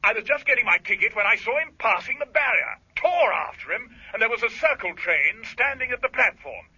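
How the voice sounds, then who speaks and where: A flustered major on the phone, husky, really high voice, tinny old radio. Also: male voice, heavily acted. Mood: excited. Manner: breathless, excited, hurried. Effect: telephone filter.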